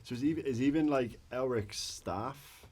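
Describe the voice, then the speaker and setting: A man's voice: mid-range voice, normal speed, darkish tone. A man playing in a tabletop game, speaking in a subdued way. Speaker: player. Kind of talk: casual tabletop play.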